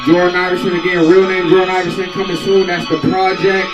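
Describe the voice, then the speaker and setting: A man with a very high voice raps and shouts out friends as the musical guest, his delivery loud and rhythmic. He is picked up from a distance in a garage studio, and hip hop music plays clearly behind him. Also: little pitch movement, fast. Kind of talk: rapping and casual chat. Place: garage studio before a live audience.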